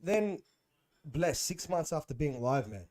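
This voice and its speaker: A young man, a guest on a podcast, telling animated stories in slangy casual chat. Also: a little high, unhurried. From Australia. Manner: animated storytelling, slangy, says bro and man.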